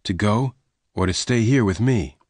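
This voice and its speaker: A man voicing a strong, protective young cowboy in a read-aloud story, calm and plain-spoken. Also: lowish voice, unhurried, breathy edge, no echo. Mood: earnest. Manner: calm, plain-spoken, close to the reader's own voice.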